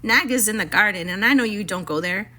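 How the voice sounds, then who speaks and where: A woman voicing a brave young male mongoose in a storybook read-aloud, talking in a brisk, scornful way. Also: medium pitch, pushed and bright, lightly acted. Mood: brisk bold.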